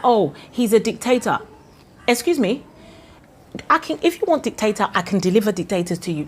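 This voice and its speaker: A woman's voice: a little high, a little hiss or hum. A woman with a Ghanaian accent, ranting with passion in a vlog, full of indignant rhetorical questions. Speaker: vlogger. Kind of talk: impassioned political rant.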